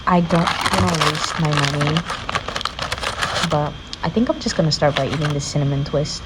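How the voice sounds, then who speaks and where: A woman's voice: low voice, moderate pace, heavy background noise. A young woman chatting casually to camera in a vlog, rambling with lots of fillers; English is not her first language. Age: young adult. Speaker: vlogger. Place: dorm room, sounding echoey.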